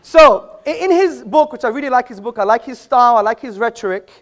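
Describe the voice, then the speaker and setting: A man's voice: very high voice, animated, fast. A man giving a formal debate speech in an auditorium, combative and pointed, quoting sources at length. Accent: British. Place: auditorium with an audience.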